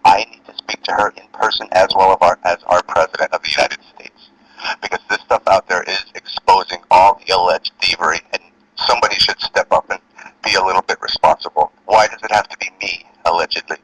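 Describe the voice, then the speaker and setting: A man's voice: deep voice, a little fast, a bit bright, husky. A man from New Jersey with a Southern US accent, pleading and indignant as he talks on a phone call. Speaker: caller.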